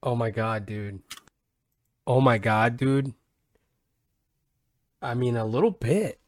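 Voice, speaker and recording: A man hosting a podcast, joking and swearing in loose, animated banter. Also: mid-range voice, slow, dry recording, studio quality. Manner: animated, profane, jokey. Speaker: podcast host. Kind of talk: casual podcast chat.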